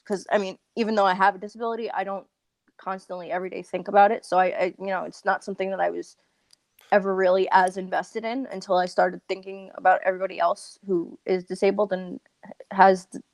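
A woman's voice: mid-range voice, dry recording. Talkative long island woman, earnest, dry close sound. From Long Island, New York. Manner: earnest, talkative, with quick laughs. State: uses a wheelchair. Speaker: guest. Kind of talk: casual interview talk.

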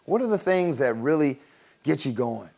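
A man preaching a sermon in a casual, conversational way, laughing often and acting out quick voices as he teaches. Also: on the high side, very animated, a little mellow. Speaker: pastor.

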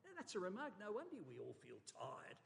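A man gives a sermon from the pulpit. His voice sits high and he leans hard on key words, then drops away quietly. The sound carries the long reverb of a church hall. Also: huge pitch swings, brisk, creaky. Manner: emphatic, varies volume for effect, occasional stumbles. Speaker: pastor.

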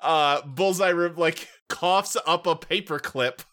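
A man with a bright, forceful voice talks through a film's plot in a relaxed podcast chat. He walks through each scene in detail and breaks into chuckles as he goes. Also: a little high, takes it slowly. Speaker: podcast co-host. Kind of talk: casual movie recap chat.

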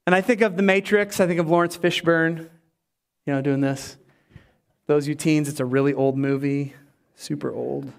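Male pastor, higher-pitched voice, lively preaching style that plays out the scenes. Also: moderate pace, creaky. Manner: animated preaching, voices Bible characters. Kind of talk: sermon.

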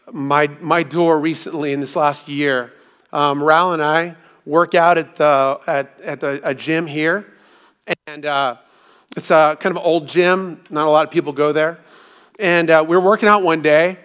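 Conversational male pastor, slightly high voice. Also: fairly bright tone. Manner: conversational, rhetorical questions, humorous storytelling. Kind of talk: sermon.

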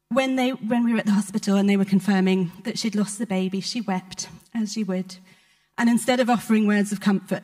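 A woman preaching in church, telling a personal testimony in a heartfelt, conversational way with frequent pauses. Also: medium pitch, a little mellow. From United Kingdom. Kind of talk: sermon storytelling.

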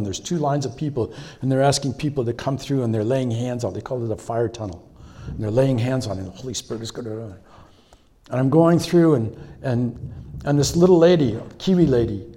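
Visiting from California, this American preacher delivers a sermon in a mid-range voice. His storytelling is lively and uplifting, and he returns to important phrases by repeating them.

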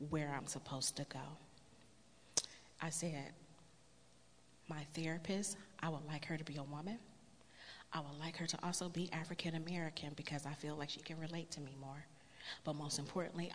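A woman telling her personal story to a church congregation in an earnest storytelling way, building to a loud, emphatic appeal. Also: low-pitched, a little hiss or hum. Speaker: church speaker sharing testimony. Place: church sanctuary. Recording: long hall reverb.

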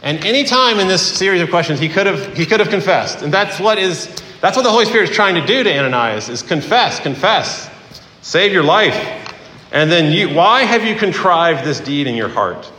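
A man preaching a sermon as pastor in a conversational way, with fillers and pauses. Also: sits high, big pitch swings, sharp tone, a little hiss or hum. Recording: echoey hall.

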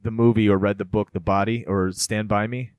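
A man hosting a casual podcast chat, telling stories in a rambling, animated way with lots of fillers. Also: on the low side, fairly quick, no room sound. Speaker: podcast host.

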